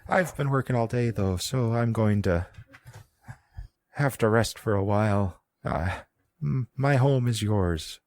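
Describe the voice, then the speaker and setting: A man's voice: medium pitch, sing-song, slow, vocal fry, dry recording, voice pushed up, full character voice. A man voicing a doddering old woman who lives alone, with a put-on Irish-Scottish twang. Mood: homely. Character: rambling old grandmother living alone in the woods.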